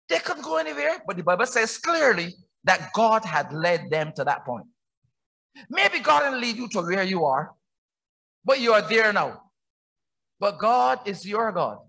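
High-voiced Barbadian preacher. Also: male voice. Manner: emphatic, rhetorical questions, rising to shouts. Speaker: pastor. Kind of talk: sermon. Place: church.

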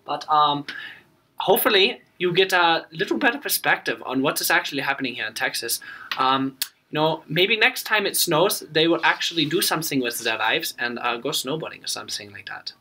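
A young man playing a mock news reporter in a school comedy sketch, hesitant and filling pauses with ums. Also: on the high side, breathy edge, heavily acted. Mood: deadpan. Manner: hesitant, full of ums and uhs, deadpan. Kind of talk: amateur comedy news parody.

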